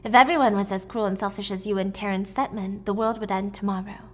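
A woman voicing a cold, scheming middle-aged female politician who speaks softly and condescendingly. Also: mid-range voice, fairly even intonation, quick pace, slight background noise, lightly acted. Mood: icy, hushed. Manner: soft, hushed and condescending.

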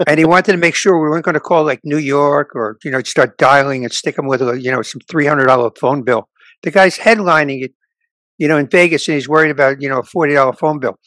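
A man's voice: fairly high pitch, brisk, dry recording. An older male stand-up comedian telling stories in a casual interview, acting out the people he quotes. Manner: animated anecdote teller, quotes people in voices.

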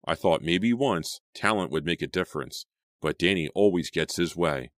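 A sullen, resentful teenage boy, read by a man in an audiobook. The voice is very deep and dry, close to the mic. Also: normal speed, no room sound, natural voice. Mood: bitter. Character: bitter, moody teenage boy.

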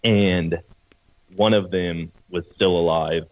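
A man on a podcast casually telling a hunting story in a relaxed, chatty, plain-spoken way. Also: sits low, slow pace, no room sound, narrow, tinny audio. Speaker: podcast co-host, hunter.

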